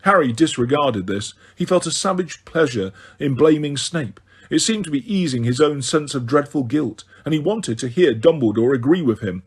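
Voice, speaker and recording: A man narrating a novel for an audiobook in a steady, even storytelling manner. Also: fairly high pitch, normal speed, hardly any pauses, breathy edge. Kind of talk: scripted narration.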